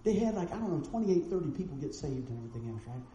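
A male preacher delivering a storytelling sermon, animated and acting out the people in his stories, in a church sanctuary. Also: on the high side, racing, highs cut off. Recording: roomy echoing sound with faint noise.

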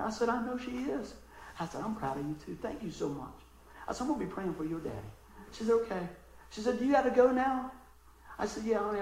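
A man's voice: sits high, creaky. Preacher man telling stories in an echoey room. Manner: conversational storytelling, bursts of loud emphasis. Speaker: pastor. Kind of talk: sermon.

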